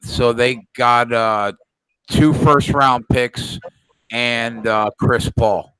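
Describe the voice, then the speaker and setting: Calm, measured man reading sports news. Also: medium pitch, clear, resonant tone, no echo, rough recording. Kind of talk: casual sports betting chat.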